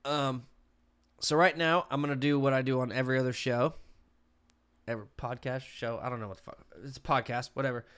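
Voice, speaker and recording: A man's voice: mid-range voice, fairly even intonation, fairly quick, a bit bright, clean tone. Profane, easygoing podcast host man. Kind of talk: casual chat. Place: podcast room with a computer table.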